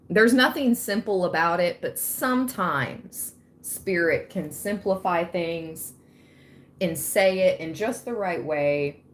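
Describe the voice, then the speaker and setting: A woman giving a spiritual card reading. She reads the messages slowly and with emphasis, then slips into casual asides. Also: fairly low pitch, slight background noise. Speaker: tarot reader.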